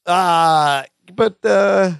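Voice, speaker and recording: Podcast host, man, gravelly, dry close sound, easygoing and chatty. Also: sits high, drawn-out words, no echo. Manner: laughs often, reads listener news. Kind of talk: casual podcast chat.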